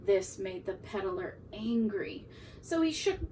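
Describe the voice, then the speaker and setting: A woman teacher reading a picture book aloud to young children in an expressive, animated way. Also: medium pitch, slow, recorded from a distance, a little hiss or hum, poor audio. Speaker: preschool teacher.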